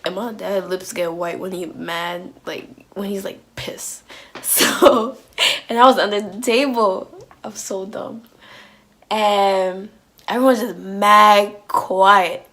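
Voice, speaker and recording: Speaking slowly at a medium pitch, a woman recounts something personal on her vlog. She's animated and slangy, peppering her speech with "like" and frequently starting over mid-thought.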